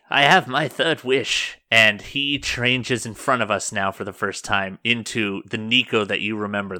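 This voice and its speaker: Game master, man, low and very bright, dry close sound. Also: dry recording. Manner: cinematic scene-setting with fillers. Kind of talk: narrating a tabletop game.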